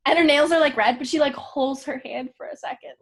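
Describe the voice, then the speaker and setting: A woman's voice: sits high, a little fast. A woman co-hosting a casual podcast, retelling a movie plot with profanity and acted-out lines. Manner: animated, profane, acts out movie scenes. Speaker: podcast co-host.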